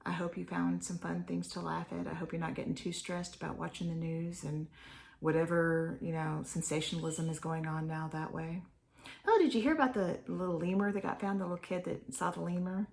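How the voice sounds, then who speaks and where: A woman's voice: on the low side, fairly even intonation, a little fast, gravelly, darkish tone. An older woman from Texas chatting in a meandering way to her viewers from a home office, sometimes dropping to a whisper. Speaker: vlogger. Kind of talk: rambling casual vlog.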